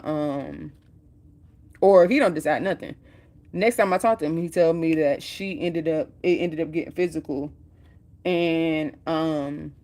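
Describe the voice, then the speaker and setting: A woman's voice: low voice, darkish tone. A woman vlogger telling a story in a chatty, slangy way and acting out the quoted lines. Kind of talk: casual storytime retelling.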